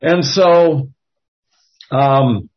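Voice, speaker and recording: Man, Bible study leader, halting delivery, husky tone, muffled low-fi recording. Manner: slow and halting, with many fillers. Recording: dull lo-fi audio.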